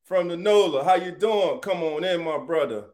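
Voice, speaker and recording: A man hosts a casual live sports talk stream. His voice sits a bit high for a man. He talks in an animated way and greets his viewers by name as family. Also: normal speed. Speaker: sports talk show host.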